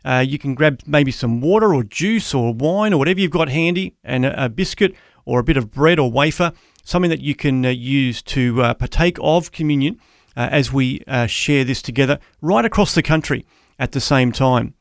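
A man filling in as a Christian radio host, leading into communion with many hesitant pauses. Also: medium pitch, animated, dry recording, studio quality. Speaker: radio show fill-in host.

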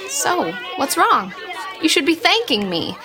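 A woman's voice: sits high, huge pitch swings, a little slow, a crowd in the background, full character voice, rough recording. An actress playing a self-assured, pushy teenage girl. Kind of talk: radio drama acting.

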